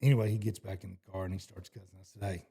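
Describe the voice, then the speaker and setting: A gravelly, husky Texan man in middle age spins a folksy yarn. His voice sits low and dark, and he rambles, often breaking off and restarting his sentences as he tells the story. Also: fairly even intonation, racing. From Texas. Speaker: horseshoer guest. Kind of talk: casual storytelling interview.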